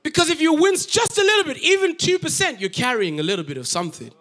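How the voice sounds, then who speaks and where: A young adult man from Africa preaching a sermon as pastor, lively and jokey, acting out reactions with little sound effects. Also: very high-pitched, quick pace. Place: church auditorium.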